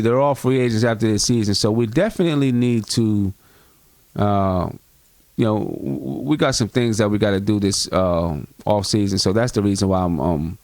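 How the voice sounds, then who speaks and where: A man with a fairly low voice hosts a live postgame fan stream, talking straight to his viewers in an easy, chatty way. He is picked up close on a dry computer mic with no room sound. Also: a little mellow, dry recording. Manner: chatty, addresses viewers directly. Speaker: fan livestream host. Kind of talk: live postgame basketball talk.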